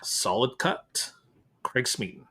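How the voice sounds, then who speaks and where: A man's voice: mid-range voice, animated, takes it slowly, pushed and bright, slightly rough. A man hosting a casual movie trivia podcast, tallying points and chatting about films. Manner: upbeat, running scores and banter. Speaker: podcast host. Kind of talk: casual game-show chat.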